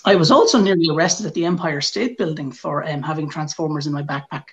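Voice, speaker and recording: A man's voice: fairly high pitch, fast. A man with an Irish accent on a podcast, telling a casual anecdote and acting out the quotes. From Ireland. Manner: animated anecdote teller, acts out shouted quotes. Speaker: podcast co-host. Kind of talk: casual storytelling.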